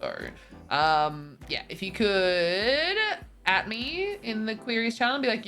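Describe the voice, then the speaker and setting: A bubbly woman in her twenties takes it slowly in a sing-song, medium-pitched, slightly bright voice. She casually reads viewer messages on a stream, laughing frequently, with faint music in the background.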